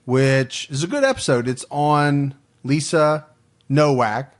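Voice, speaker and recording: A male podcast host with a voice sitting a touch higher than most men's, talking casually with a co-host. He goes through supporter names and then the facts of a case in a dry, matter-of-fact manner. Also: slow. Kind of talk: casual true crime podcast chat.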